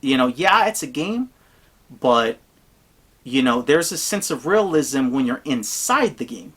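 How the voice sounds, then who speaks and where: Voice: medium pitch, big pitch swings, a little slow, a bit bright, slightly rough. Blunt, rambling tabletop gaming advice-giver. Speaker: tabletop role-playing gamer giving advice. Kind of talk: casual advice monologue.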